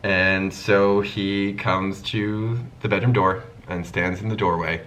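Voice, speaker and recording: On his own YouTube channel, a deep-voiced man slowly tells a casual storytime, animatedly acting out the people and their dialogue as he goes. The audio quality is poor.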